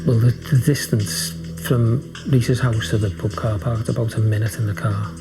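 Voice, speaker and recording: A man's voice: on the low side, steady tone, moderate pace. A man, a football coach recalling events in a documentary interview, in a tense, urgent manner. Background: music.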